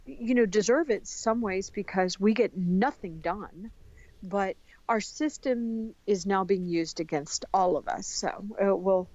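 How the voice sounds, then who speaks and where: Chatty American woman guest, mid-pitch, dry slightly lo-fi sound. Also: measured pace, no echo. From United States. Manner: animated and talkative, many restarts. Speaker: podcast guest. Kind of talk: casual conversation.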